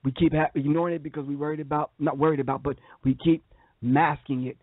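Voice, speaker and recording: A husky New man co-hosting a talk radio show, pressing his points like a preacher and hammering the same phrases again and again. His voice comes through a tinny phone line with a dry, close sound. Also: a little high, fairly even intonation, quick pace, no room sound. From New York. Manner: preachy, emphatic, repeats key phrases.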